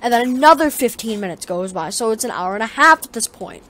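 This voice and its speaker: A woman vlogger telling a story in a casual, rambling way, swearing often and getting animated. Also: a little high, fast, a little hiss or hum.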